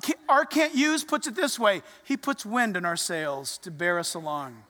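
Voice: medium pitch, normal speed, hardly any pauses. A pastor preaching a conversational sermon in a church, acting out little quotes as the story goes. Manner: animated, conversational, acts out quotes. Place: church sanctuary. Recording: reverberant church hall.

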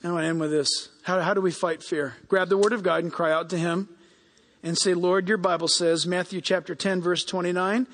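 A man preaching a sermon as pastor, animated and acting out the people he quotes. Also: high voice, fairly quick. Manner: animated, acts out quoted people in raised voices. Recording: long hall reverb.

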